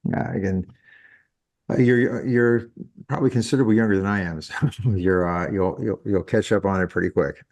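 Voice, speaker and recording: His voice sits low and a little mellow, moving at a moderate pace. He's a podcast host in his fifties living in France, holding a loose conversational interview full of rambling, self-corrections and frequent chuckles.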